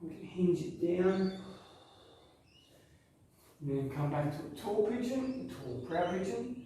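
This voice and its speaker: A man's voice: high-pitched, unhurried, far from the mic, slight background noise. Man guiding yoga in an echoey room. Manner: calm, encouraging cues. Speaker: yoga instructor. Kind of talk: guided workout instruction.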